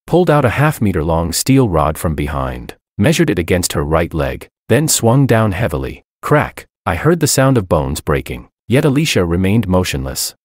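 A man with a low voice narrates a first-person drama story, his pitch rising and falling expressively. The sound is dry and close, with no room echo.

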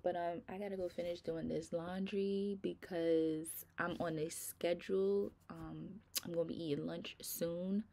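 A woman's voice: lowish voice, steady tone, unhurried, vocal fry, few pauses, warm tone. A middle-aged woman chatting casually to her viewers in a rambling, informal way, sounding tired. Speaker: nail vlogger.

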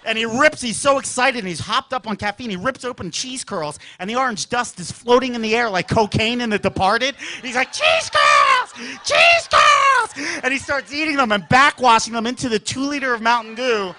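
A man performing a stand-up comedy routine, telling a childhood story and acting out characters with sudden shouts. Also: very high-pitched, fairly quick, few pauses.

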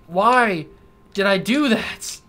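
A man's voice: high-pitched, expressive, slow, pushed and bright. A young man hosting a gaming channel, giving gameplay commentary while frustrated with himself and muttering to himself. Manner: frustrated, self-scolding, talks to himself.

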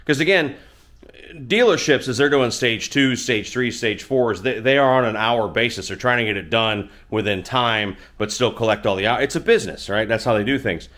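A man's voice: mid-range voice, moderate pace, a bit bright. A middle-aged man hosting a motorcycle channel, telling a rambling, self-deprecating story in casual chat from his home garage.

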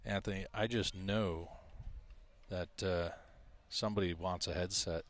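Man, baseball play-by-play, unhurried delivery, lowish voice, stat-heavy. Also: fairly even intonation. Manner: measured, stat-heavy, self-deprecating asides. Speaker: play-by-play announcer. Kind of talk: high school baseball commentary.

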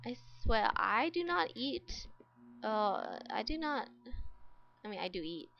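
A woman's voice: fairly high pitch, sing-song, takes it slowly, vocal fry, highs cut off, a little hiss or hum. A woman giving casual gameplay commentary as a let's play host, exasperated and talking to the game characters.

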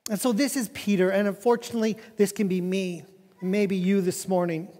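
A male pastor preaching a sermon in a church sanctuary, animated and conversational, often repeating his words. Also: high voice, a little fast. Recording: long reverb of a church hall.

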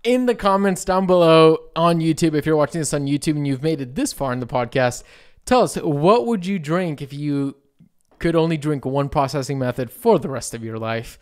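A man's voice: on the high side, moderate pace, smooth. A man co-hosting a podcast, chatting casually with lots of fillers and easy laughs. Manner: relaxed, laughing, filler-heavy. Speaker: podcast co-host.

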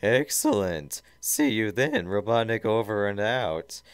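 A man voicing a blustering male mad-scientist villain in a hammy, loud reading of a fan story. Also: fairly low pitch, expressive, measured pace, clear, resonant tone, no room sound, pitched above the performer's own voice. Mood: ranting.

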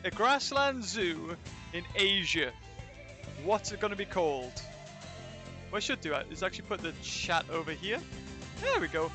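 A let's play streamer who is recovering from illness plays a zoo-building game, casually chatting and answering his viewers' chat. His high voice is sing-song and unhurried, with music in the background.

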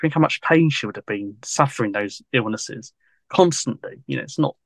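A man chatting as a guest historian on a podcast, rambling along with endless "you know"s and easy laughter. His pitch sits in an ordinary middle range, and the sound is dry and close with no room echo. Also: lively intonation, moderate pace. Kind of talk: casual podcast interview.

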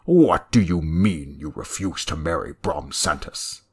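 A man's voice: a bass voice, lively intonation, unhurried, slightly rough, exaggerated voice. A man voicing a stern, indignant older nobleman father in a story reading.

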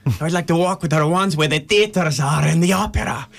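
An actor playing a dreamy, gentle young Italian immigrant man, wistful in delivery. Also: fairly high pitch, brisk, vocal fry, voice pushed up.

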